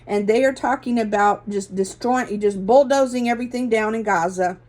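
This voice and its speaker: Middle-aged woman, slightly high voice, earnest rambling testimony host. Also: darkish tone. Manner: earnest, rambling, with self-corrections. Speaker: religious video host. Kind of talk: casual testimony monologue.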